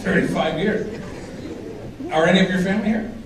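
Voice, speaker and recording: A man doing stand-up comedy, animated and teasing the audience, sometimes shouting his punchlines. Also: high-pitched, a little fast, background noise. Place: large hall with a live audience. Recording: echoey hall, distant mic, crowd.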